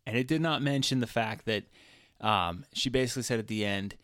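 A man's voice: mid-range voice, brisk, fairly bright tone, no room sound, clean studio sound. A man co-hosting a crude comedy podcast, arguing back defensively and reading headlines aloud. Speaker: podcast co-host.

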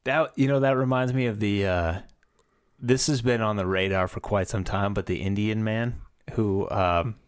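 A man's voice: fairly low pitch, moderate pace, clear, resonant tone, no room sound, studio quality. A man co-hosting a podcast, joking crudely and reading news stories aloud in casual chat. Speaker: podcast co-host.

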